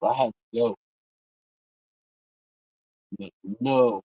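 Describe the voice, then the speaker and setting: A man's voice: medium pitch, steady tone, moderate pace, long pauses, darkish tone, dry recording, highs cut off. A man hosting a livestream, telling rambling, crude, joking stories in casual chat. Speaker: livestream host.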